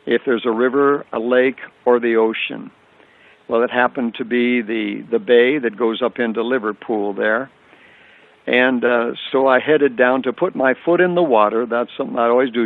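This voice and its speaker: A man's voice: mid-range voice, vocal fry. An older man giving an earnest personal faith testimony as a radio guest, telling his story with repeated phrases. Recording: tinny phone line on radio.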